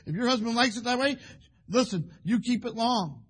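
A man's voice: very high voice, lively intonation, normal speed, fairly bright tone, breathy edge. A man preaching a sermon in a folksy, rambling way, acting out little scenes between husbands and wives. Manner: folksy, rambling, acts out quoted couples.

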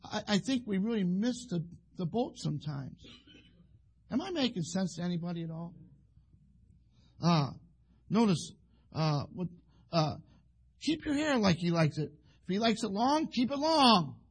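Preaching in a folksy, meandering style, a man acts out little scenes between husbands and wives. His high voice is very animated with a breathy edge, and he keeps a measured pace broken by long pauses.

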